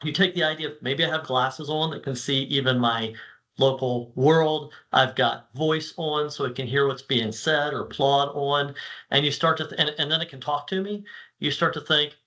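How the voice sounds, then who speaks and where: A man's voice: mid-range voice, normal speed, bright, forceful tone, rough recording. A man hosting a casual panel chat, talking with enthusiasm and acting out lines for an imagined assistant. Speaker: host.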